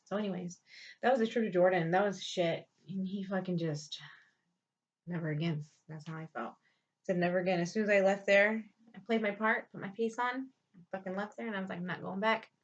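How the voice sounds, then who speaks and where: A woman's voice: mid-range voice, a little fast. A woman telling a personal story bluntly and with heavy swearing, sounding frustrated. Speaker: vlogger telling her life story. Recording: dull lo-fi sound.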